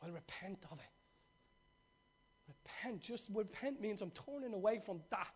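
A man preaching a fervent, storytelling sermon that swings from loud to hushed. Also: high-pitched, animated, measured pace, slightly rough.

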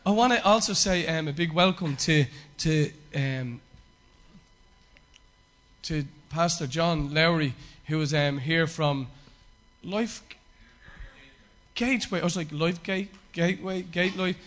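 Bright, high-voiced pastor preaching. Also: male voice, takes it slowly, long pauses. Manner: emphatic repetition, frequent fillers. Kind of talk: sermon.

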